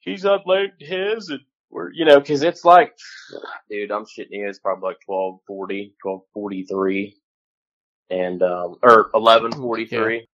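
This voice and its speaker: Animated man telling a hunting story. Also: fairly low pitch, normal speed, dull audio. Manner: animated, swears casually, many fillers. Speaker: guest hunter. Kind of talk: casual storytelling.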